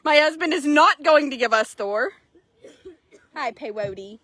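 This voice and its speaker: Woman, horse trader, casual chat, animated storyteller, swears, dry close sound. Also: sits high, slow, dry recording.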